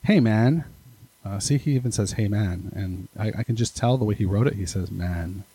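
A man with a low, gravelly, mellow voice and a slightly husky edge hosts a casual podcast. He reads listener emails in a chatty, self-deprecating way, breaking off for quick asides. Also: rough recording. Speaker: podcast host.

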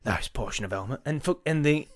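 A man's voice: mid-range voice, expressive, a little fast, no echo. Male podcast host, crude and rambling, dry close mic. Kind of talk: casual chat, joke telling.

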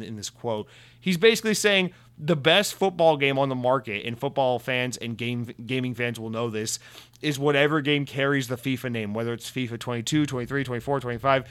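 A man's voice: medium pitch, a bit bright. A man hosting a casual gaming news commentary, sarcastic and ranting, swearing often.

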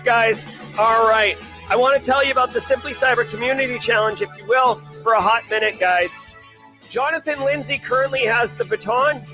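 A man with a Boston accent hosting a daily cyber news live stream, talking in an energetic, rambling, self-joking way. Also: very high-pitched. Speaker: host. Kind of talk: casual live-stream chat.

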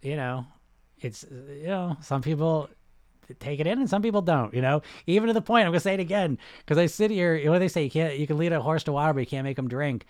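A man hosting a casual livestream about weight loss, answering viewer comments in an animated, repetitive, salesy way. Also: on the high side, fast talker, no room sound.

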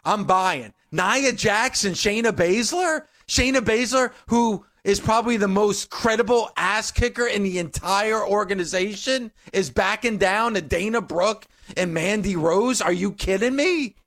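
A man's voice: high-pitched, unhurried, few pauses. A man co-hosting a wrestling podcast, ranting emphatically and with swearing in casual chat. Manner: emphatic, profane, animated ranting.

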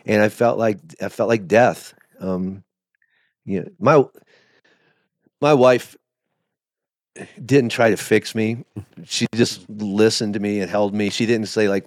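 A man's voice: lowish voice, fairly even intonation, a little slow, pauses often, no room sound. A middle-aged man, a pastor being interviewed, telling his story in a candid, emotional, confessional way that halts at the hard moments. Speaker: pastor, podcast guest.

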